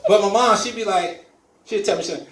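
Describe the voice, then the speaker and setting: A man in his forties from Louisiana doing stand-up comedy and crowd work, animated and loud. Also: sits high, moderate pace, echoey room, far from the mic. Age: 40s. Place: comedy club with laughing audience.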